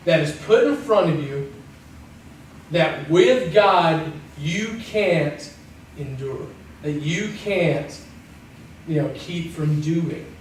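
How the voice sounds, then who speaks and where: A man giving a casual, jokey sermon, acting out the people in his stories. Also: fairly high pitch. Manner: chatty and jokey, acts out voices in stories. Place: church. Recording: distant mic in an echoey church hall with faint noise.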